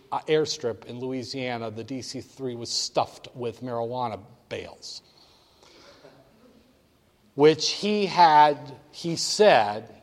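An older man wryly telling a candid story, briefly acting out the voices of people in it. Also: mid-range voice. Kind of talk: storytelling anecdote. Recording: long hall reverb.

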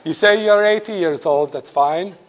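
High-voiced, jokey male instructor. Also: normal speed, lo-fi sound. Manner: jokey, animated, talks straight to students. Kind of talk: classroom lecture.

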